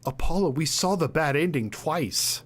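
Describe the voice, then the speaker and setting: A man co-playing a game on a let's play, chatting and reacting quickly to the story. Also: on the high side, expressive. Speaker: co-player. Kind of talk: casual gameplay commentary.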